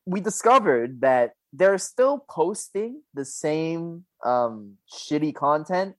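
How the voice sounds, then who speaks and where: A young man rambling through a casual podcast chat, laughing and swearing as he goes. His pitch swings widely and lively. The sound is close and dry. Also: slow, no echo. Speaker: podcast co-host.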